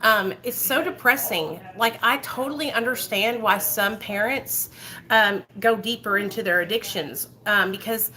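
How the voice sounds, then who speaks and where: A woman's voice: mid-range voice, unhurried, sharp tone, rough recording. A woman in her thirties talking to her viewers as a vlogger, emotional and rambling, with many fillers and asides. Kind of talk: emotional casual talk to viewers.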